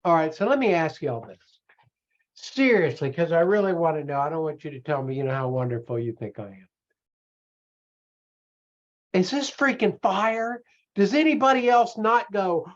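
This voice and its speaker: A man coaching an audience in a loose live-streamed talk, animated and self-mocking, often slipping into other voices. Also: high-pitched, normal speed, dull audio. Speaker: online business coach.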